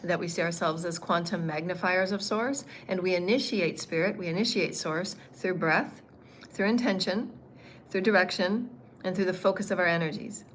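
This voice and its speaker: A woman's voice: on the low side, normal speed, a bit bright, a little hiss or hum. A woman teaching a spiritual lesson on a livestream, meandering and repeating phrases, with frequent ums and uhs.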